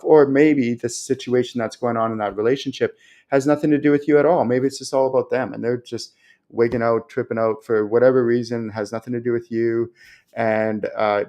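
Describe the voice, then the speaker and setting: A man hosting his own show, answering viewers' spiritual questions in a casual, animated way, full of fillers like um and like. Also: medium pitch, brisk. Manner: animated, chatty, many fillers. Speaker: spiritual teacher and show host. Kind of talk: casual Q&A talk.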